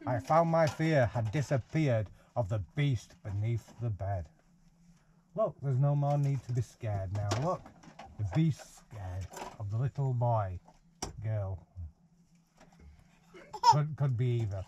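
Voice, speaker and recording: A man's voice: mid-range voice, expressive, takes it slowly, long pauses, background noise. A man reads a picture book aloud to a baby in a caravan, breaking off for playful, teasing asides. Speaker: parent reading to a baby. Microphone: 360 VR camera.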